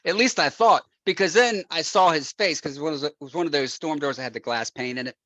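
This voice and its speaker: A man, a real estate investor as guest, telling an animated anecdote with frequent laughs and acted-out quotes. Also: fairly high pitch, a little fast, no echo. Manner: laughs often, acts out quotes.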